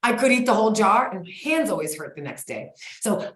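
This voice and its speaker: A woman in her forties talking as a guest expert in a casual interview, in a blunt, folksy and energetic way. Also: medium pitch, fairly quick. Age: 40s. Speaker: guest expert on sugar cravings. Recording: roomy echo.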